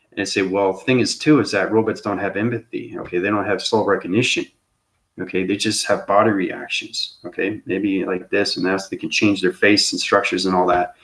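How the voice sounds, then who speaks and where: A man's voice: low-pitched, fairly even intonation, moderate pace, fairly bright tone. A man hosting his own channel, talking through a loose spiritual monologue that searches for words and restarts, and keeps checking in with "okay?". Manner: repeats "okay?" as a tag after phrases. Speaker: channel host.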